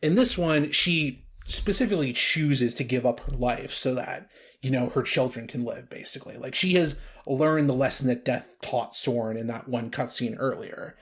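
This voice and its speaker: A man hosting a podcast, chatting casually and retelling a video game's ending in a rambling, animated way. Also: medium pitch, moderate pace, breathy edge. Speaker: podcast host. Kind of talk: casual game discussion.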